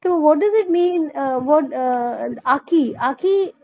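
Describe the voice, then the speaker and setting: A woman's voice: high-pitched, animated, a little mellow, no room sound, muffled recording. Hesitant woman student on a call. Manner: hesitant, halting, many fillers. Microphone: video call.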